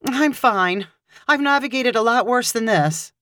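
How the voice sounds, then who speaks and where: A woman reading a story aloud, voicing a cheerful, confident woman customer with a bright, playful manner. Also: a little high, a little slow, no room sound, studio quality, pitched above the performer's own voice.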